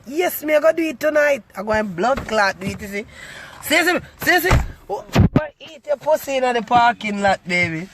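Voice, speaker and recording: A man's voice: very high voice, animated, a little fast, hardly any pauses, very noisy. A man with a Jamaican accent doing a brash, swaggering, crude comic rant to his viewers. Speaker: comic vlogger. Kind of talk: boastful comic rant to camera.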